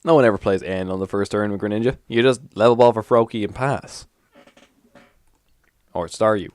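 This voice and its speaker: A young man giving casual, animated commentary as he plays a card game on his channel, swearing and mocking himself. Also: on the low side, moderate pace, no echo. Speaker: gaming YouTuber.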